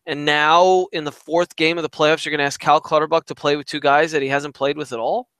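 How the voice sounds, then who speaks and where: A man's voice: a little high, level tone, brisk, a bit bright, clean tone, no echo. A man co-hosting a casual sports talk show, hesitant and questioning, often trailing off mid-thought. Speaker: sports podcast co-host.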